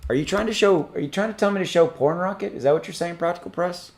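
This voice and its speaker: A man hosting a crypto livestream from a home setup, reading out viewer messages in a rambling, halting way with many ums and restarts. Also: sits high, a little mellow. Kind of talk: casual livestream chat reading super chats.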